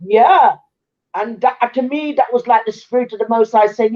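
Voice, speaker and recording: A woman's voice: a little high, normal speed, dark tone. Earnest woman on a dull, lo-fi line. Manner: earnest, opinionated, repeats points. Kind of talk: casual chat.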